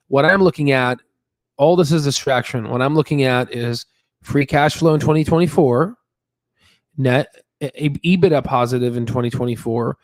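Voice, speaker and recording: A man's voice: mid-range voice, dry recording, studio quality. A man hosting a stock market channel, talking casually and emphatically, repeating himself with lots of fillers and "okay?" tags. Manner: emphatic, repeats words, many fillers and tag questions. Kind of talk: casual stock analysis talk.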